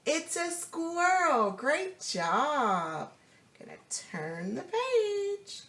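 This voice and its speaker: A woman reads a picture book aloud to a small child, slow and encouraging, stopping to ask about the pictures. Her bright, fairly high voice swoops up and down in a lively sing-song. The room is echoey. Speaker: storybook reader.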